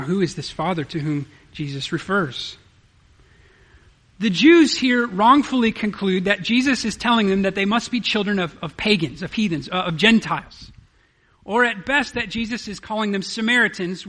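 A man with a high, light voice preaches an earnest sermon. He reads scripture aloud and keeps pressing rhetorical questions on his listeners. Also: bright, forceful tone. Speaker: pastor. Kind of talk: expository sermon.

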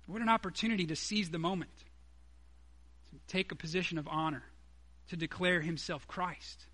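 A man's voice: high voice, fairly even intonation, normal speed, bright, forceful tone. A man preaching a sermon, emphatic, acting out quoted dialogue from the story.

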